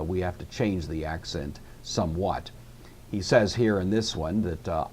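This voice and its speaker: Low-voiced male lecturer, patient and methodical, recorded lesson with faint background noise. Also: darkish tone. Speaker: Greek teacher.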